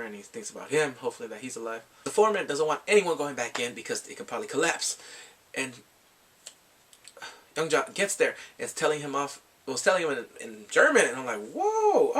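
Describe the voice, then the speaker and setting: A man casually retelling a film's plot as a movie reviewer, animated, laughing often and acting out quotes in squeaky voices. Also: breathy edge, recorded from a distance.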